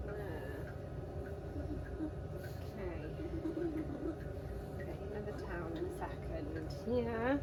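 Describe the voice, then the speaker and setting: A young British woman pet sitter in a casual vlog, cooing to animals in soft baby talk while bathing them at home. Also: medium pitch, heavy background noise. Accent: British English. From United Kingdom. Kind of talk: casual vlog talking to pets.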